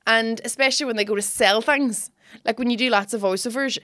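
A woman with a Northern Irish accent, a comedian co-hosting a casual podcast, telling animated stories and slipping into impressions. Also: a little high, brisk, no echo, studio quality. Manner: animated storyteller, mimics and laughs.

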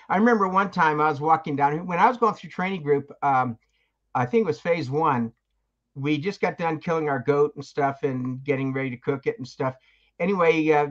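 A man's voice: fairly high pitch, a bit bright, highs cut off. Older man telling rambling war stories. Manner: rambling anecdotes, acts out quoted voices. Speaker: guest, veteran. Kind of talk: casual storytelling.

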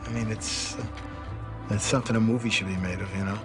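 A man's voice: lowish voice, fairly even intonation, fast talker. A man reflecting fondly on a fighter in an interview. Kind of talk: interview recollection. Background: music.

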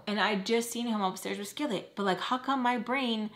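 A woman's voice: a little high, normal speed, few pauses, a bit bright. A woman in her twenties telling a personal story to camera in a casual vlog, filling her talk with "like" and acting out what people said. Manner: chatty, heavy use of "like", acts out quotes. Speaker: storyteller vlogger.

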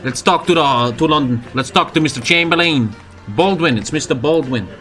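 A man's voice: fairly high pitch, moderate pace, a bit bright, soft background music. A man streaming a strategy game, joking crudely and swearing often. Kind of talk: live game stream commentary.

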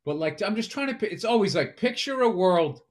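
A man's voice: high-pitched, brisk. A man co-hosting a comedy podcast, teasing and profane, telling stories in casual banter. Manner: teasing, profane, animated storyteller who acts out voices. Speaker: podcast co-host.

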